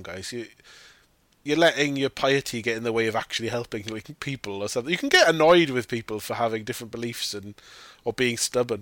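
A man's voice: mid-range voice, pushed and bright, no room sound. Guy ranting about a film, swears a lot, laughs mid sentence, dry close sound. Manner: swears freely, mocks characters in put-on quotes, laughs while talking. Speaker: podcast host. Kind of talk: casual film review chat.

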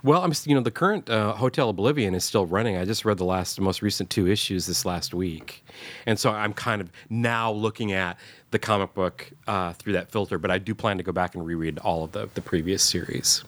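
Man, low voice, dry close sound, rambling casual podcast chat, lots of ums. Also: fairly quick, fairly bright tone, no room sound. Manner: rambling, hesitant, self-deprecating. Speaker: podcast co-host.

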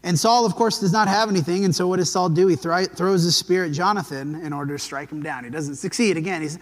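A man teaching a Bible lesson in a relaxed, conversational way, telling the story and briefly acting out the quotes. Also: high-pitched, fast talker, long reverb tail.

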